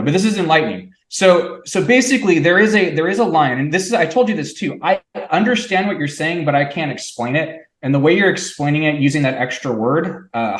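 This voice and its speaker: Middle-aged man in an echoey room. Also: a little high. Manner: relaxed, thoughtful, lots of fillers. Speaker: podcast co-host. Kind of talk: casual chat among old friends.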